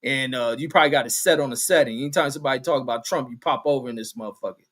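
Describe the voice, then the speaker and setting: A man's voice: medium pitch, racing, fairly bright tone. Profane, combative male stream host. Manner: angry, combative, reads viewer comments aloud then fires back; heavy cursing, slangy street talk. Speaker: show host reading chat comments. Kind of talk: profane live-stream rant.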